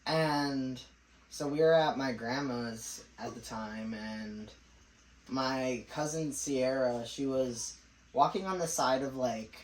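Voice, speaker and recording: A man's voice: medium pitch, slight background noise. A man co-hosting a podcast, telling a story in a rambling way with lots of laughs. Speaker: podcast co-host. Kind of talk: casual chat. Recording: echoey room, mic at a distance.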